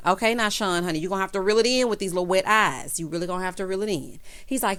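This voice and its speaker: A sassy young woman dishes on a reality show episode, voice at an ordinary middle pitch. She keeps calling her viewers honey and baby and slips into little voices to act out quotes. Casual recap talk straight to her audience. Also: brisk, fairly bright tone, clear, resonant tone. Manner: acts out quoted lines in changed voices.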